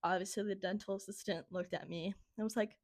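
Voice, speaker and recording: This young woman, co-hosting a podcast, chats casually and tells a meandering story peppered with "like" and plenty of laughter. She speaks a little fast in a steady, medium-pitched tone, with no echo.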